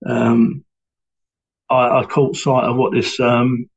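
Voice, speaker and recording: A middle-aged man recalls his time as a police sergeant. He speaks haltingly, with many fillers and restarts. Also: mid-range voice, monotone, creaky, slightly rough, dull audio. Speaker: interviewee, former police sergeant. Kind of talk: reflective personal account.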